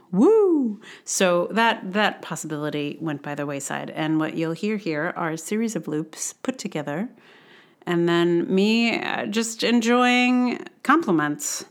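A woman hosting a podcast in casual chat, talking in a chatty, self-deprecating way with plenty of ums and uhs. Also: lowish voice. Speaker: podcast host.

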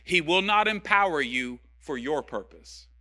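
A man delivers a sermon in a high register with an intensely tense, cutting tone. He preaches with passion and emphasis, circling back over the same phrases to drive them home. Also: expressive, a little slow, bright, forceful tone. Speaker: pastor.

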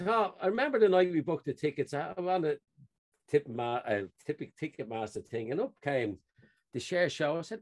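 A man's voice: fairly high pitch, big pitch swings, brisk. A man co-hosting a podcast, chatting casually and telling stories with frequent laughs. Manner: chatty storyteller who laughs often. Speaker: podcast co-host. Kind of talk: casual chat.

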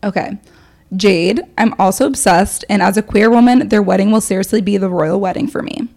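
A woman's voice: mid-range voice, fairly quick, vocal fry. Chatty young woman podcast co-host. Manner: animated storyteller, reads listener emails aloud. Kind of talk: casual chat.

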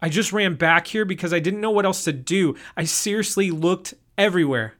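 A young man on a camping trip who takes charge, firm and forceful in every word, as a male narrator plays him. The voice stays close to the reader's own, just pushed a little harder. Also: high voice, fairly quick, voice pushed up. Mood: shaken.

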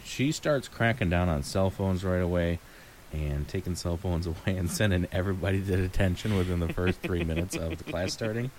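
A man with a remarkably deep, low voice talks through a movie in easygoing chat. He muses aloud, trails off, and laughs lightly between thoughts. A faint hiss sits under the recording. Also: a little fast. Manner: relaxed, musing, frequent ums and light laughs. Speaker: co-host reviewing a movie. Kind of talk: casual chat.

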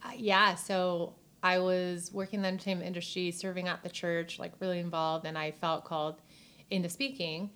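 Woman, heartfelt guest on a faith podcast, slightly low voice, casual and tearful. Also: level tone, normal speed, fairly bright tone, clean tone. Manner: earnest, heartfelt, many "like" fillers. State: emotional, near tears. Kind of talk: faith-based casual chat.

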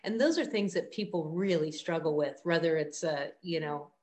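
A woman's voice: low-pitched, moderate pace, darkish tone. A woman hosting an interview, engaged and asking follow-up questions about acting. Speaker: interview host. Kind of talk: conversational interview.

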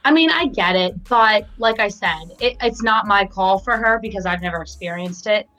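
A woman co-hosting a podcast, giving gentle, reassuring advice in casual chat. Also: medium pitch, moderate pace, low-quality recording. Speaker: podcast co-host.

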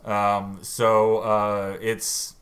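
A man's voice: lowish voice, drawn-out words. A man in casual chat, reacting and joking as he banters about a game. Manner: lively reactive banter, jokey. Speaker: podcast co-host.

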